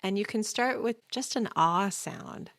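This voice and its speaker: A woman hosting a podcast voice lesson, explaining calmly and demonstrating sounds. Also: mid-range voice, a little slow, no room sound, clean studio sound. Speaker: voice teacher.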